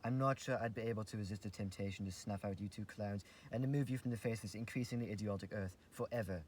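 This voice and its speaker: A man's voice: on the low side, fast, darkish tone, a little hiss or hum, close to an everyday voice. A man playing a prim, formal male assistant who stammers politely and snaps when exasperated.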